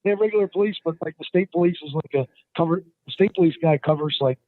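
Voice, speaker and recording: A man tells stories as the guest in a casual interview. He rambles, restarts, and fills pauses as he goes. His fairly high voice comes through a dry, tinny phone line. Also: no echo. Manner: rambling, many fillers and restarts; acts out the people in his stories in a higher voice. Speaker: guest appraiser.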